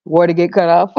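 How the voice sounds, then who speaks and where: A woman's voice: fairly low pitch, warm tone, muffled recording, a little hiss or hum. Profane, exasperated woman podcast host. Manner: profane, exasperated, laughs often. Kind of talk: blunt ranting commentary.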